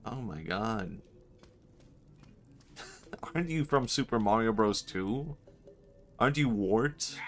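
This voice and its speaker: Male streamer, low register, loose joking delivery over quiet game music. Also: expressive, slow pace, long pauses. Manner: rambling, joking, often laughing. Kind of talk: casual gaming stream chat.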